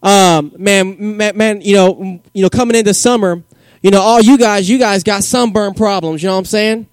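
A man giving a joking, energetic youth group sermon in casual slang, as a youth pastor. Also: high-pitched, normal speed, clean tone, no room sound, clean studio sound.

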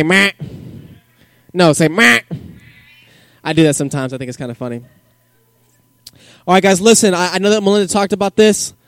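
A man giving a joking, energetic youth group sermon in casual slang, as a youth pastor. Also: high-pitched, clean tone, no echo, clean studio sound.

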